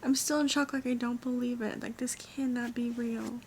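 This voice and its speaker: A young woman vlogging her reactions to a fantasy series, excitable and often dropping to a whisper. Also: on the high side, moderate pace. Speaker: book vlogger. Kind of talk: casual reading reactions. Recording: faint background noise.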